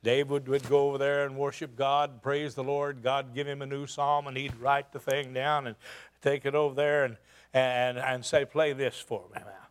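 A man's voice: mid-range voice, little pitch movement, normal speed, clear, resonant tone. A man preaching a sermon, retelling a scripture story dramatically with rhetorical questions.

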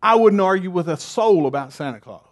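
A man's voice: sits high, animated, fairly quick. A man preaching a sermon, emphatic and repetitive, firing rhetorical questions at his congregation.

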